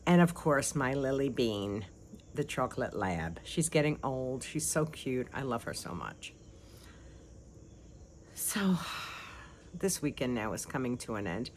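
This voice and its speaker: An older woman, a grandmother, chatting casually and lively to her vlog viewers, laughing often, on a phone held at arm's length. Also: a bass voice, measured pace, long pauses, slight background noise. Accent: non-local accent. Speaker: vlogger.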